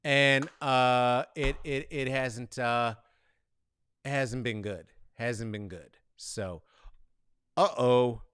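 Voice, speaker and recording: A man with a smooth, medium-pitched voice talks very slowly, with no room sound. As host, he rambles through a casual comic monologue, swearing and ranting animatedly amid mock boos and cheers. He's from the San Francisco Bay Area and has been there for decades.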